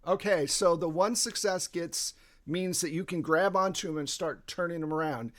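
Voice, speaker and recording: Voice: medium pitch, normal speed. A game master running a tabletop game, rambling with fillers and laughing often.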